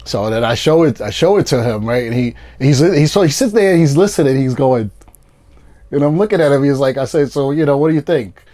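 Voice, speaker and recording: A man, a producer guest telling animated stories and acting out his friends' lines in a casual interview. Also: medium pitch, fairly quick.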